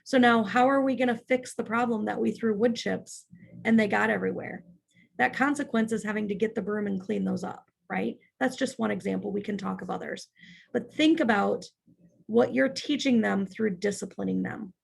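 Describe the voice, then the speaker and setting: A woman's voice: mid-range voice, moderate pace, creaky, husky. A woman leading a childcare staff training in a church parlor, practical and often checking in with "right?".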